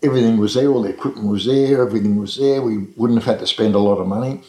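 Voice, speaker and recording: A man's voice: fairly low pitch, very fast, warm tone. An Australian man telling long anecdotes about running his restaurant, rambling with frequent restarts and fillers in a casual interview. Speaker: restaurant owner recalling his past. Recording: echoey room.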